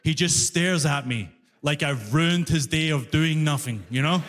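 A man doing stand-up comedy on a music hall stage, telling stories with animated exasperation, often breaking into shouts. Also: fairly high pitch, a little slow. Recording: long reverb of a concert hall.

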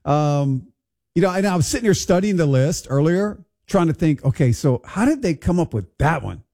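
Man, morning radio host, casual chat, bemused, warm mellow tone, somewhat high pitch. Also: big pitch swings, normal speed. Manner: bemused, wondering aloud, conversational. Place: radio studio.

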